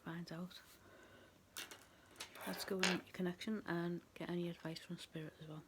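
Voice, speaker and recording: A woman's voice: lowish voice, flat delivery, moderate pace, heavy background noise. A woman doing a casual tarot reading to camera, chatty and rambling. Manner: chatty and rambling, laughs at herself. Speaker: tarot reader.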